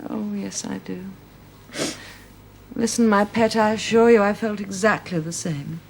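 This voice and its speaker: Worldly confidante, affectionate and frank, radio play with faint hiss. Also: female voice, mid-range voice, steady tone, measured pace, vocal fry, darkish tone. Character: worldly, caring older woman comforting a younger one.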